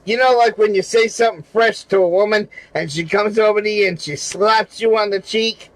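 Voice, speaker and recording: A regular show panelist chats casually on a livestream in a high, fairly quick voice, captured on a rough recording with no echo. He rambles and repeats his point over and over, swearing and laughing between phrases.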